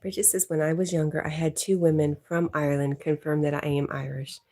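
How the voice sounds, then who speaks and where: Low husky lady doing a chill home livestream, reading chat and teasing folks, mellow tone. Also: flat delivery, fairly quick. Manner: chatty, teasing, laughs often. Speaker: livestream host. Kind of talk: casual chat reading viewer comments.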